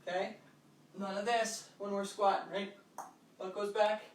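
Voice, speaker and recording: A woman's voice: mid-range voice, level tone, a little slow, long pauses. A woman fitness instructor leading a live online workout class, upbeat and encouraging, calling out steps and counts at home. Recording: roomy echo, distant mic, faint background noise.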